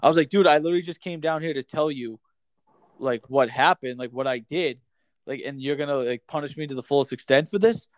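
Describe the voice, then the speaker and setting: A man's voice: on the high side, a little fast, no echo. A man with a voice a little above the usual range tells a long story in loose, casual chat. He swears freely and keeps dropping "like" and "dude" as he goes. The sound is close and dry, with no room around it. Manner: animated, swears freely, heavy use of "like" and "dude".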